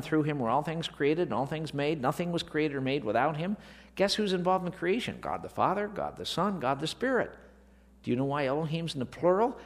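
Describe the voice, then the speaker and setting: A man teaching scripture from the pulpit of a large hall, his voice swinging up and down with lively emphasis. He keeps throwing rhetorical questions at the congregation, and his words ring out with a long echo. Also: a little high. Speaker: Bible teacher. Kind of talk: sermon-style Bible lesson.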